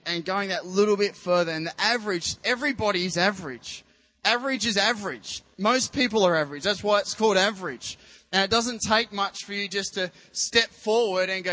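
A man's voice: high voice, bright, forceful tone, in a large hall. A man preaching as a youth pastor in a church, earnest and rambling, with many restarts. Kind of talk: sermon.

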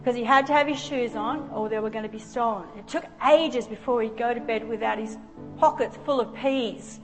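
A woman preacher tells a family story from the pulpit, earnest and emotional. Her voice sits a little high and rings out with a long hall echo. Soft music plays faintly beneath her. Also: a little fast. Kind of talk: sermon with personal storytelling. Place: church sanctuary.

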